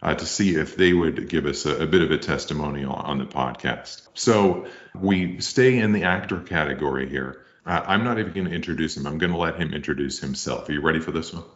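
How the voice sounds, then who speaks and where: A man co-hosts a comedy podcast with a low voice. He makes hesitant, mock-grand introductions. The audio is a bit dull and lo-fi. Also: brisk, few pauses. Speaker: podcast co-host. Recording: slightly muffled lo-fi audio.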